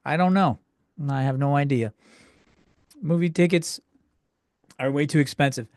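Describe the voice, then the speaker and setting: Ranting man, higher voice, dry sound. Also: moderate pace, darkish tone, no room sound. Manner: crude, exasperated ranting with frequent self-interruptions. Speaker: podcast host. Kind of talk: solo comedy podcast rant.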